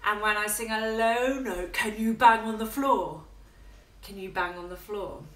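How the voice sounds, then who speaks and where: A woman leading a toddler music class in a coaxing, sing-song manner, swooping between high and low notes. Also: a little slow. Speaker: children's music teacher. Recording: echoey room with ukulele playing.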